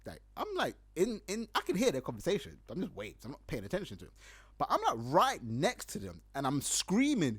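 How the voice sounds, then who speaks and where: A man's voice: fairly high pitch, wildly swooping pitch, fast, fairly bright tone, slightly rough. A young man with a London accent, hosting a podcast and telling a casual story, acting out his own lines and laughing often. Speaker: podcast host.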